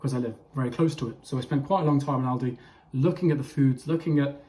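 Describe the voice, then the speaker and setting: A man's voice: medium pitch, quick pace, mellow. A young man giving a chatty fitness vlog, talking straight to his viewers and tagging lines with okay. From England. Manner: chatty, addresses viewers as boys, frequent okay. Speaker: fitness vlogger. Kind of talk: casual vlog to camera. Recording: echoey room.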